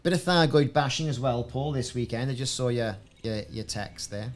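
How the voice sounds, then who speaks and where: A man's voice: medium pitch, moderate pace. A man casually commenting on his gameplay, chatting to friends and often repeating words as he goes. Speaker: gaming video host.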